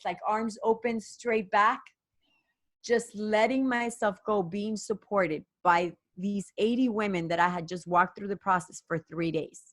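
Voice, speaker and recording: A woman coach as a podcast guest, retelling a personal story with rushed restarts and quoted dialogue. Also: mid-range voice, a bit bright, dry recording. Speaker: guest, women's performance coach.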